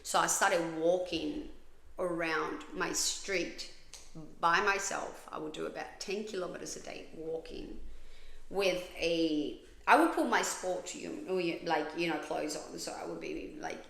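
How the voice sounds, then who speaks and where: Blunt, gravelly-voiced woman from Colombia. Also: fairly low pitch, fairly even intonation, a little slow, a bit bright. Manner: candid, blunt, swears freely. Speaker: podcast host. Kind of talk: confessional personal monologue. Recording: echoey room.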